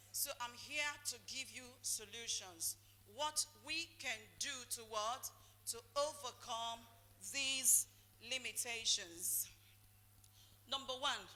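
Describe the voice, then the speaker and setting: A motivational speaker calls out questions for her audience to finish in a call-and-response talk. Her voice is a little high with a sharp tone. The recording carries the echo of a hall and faint noise.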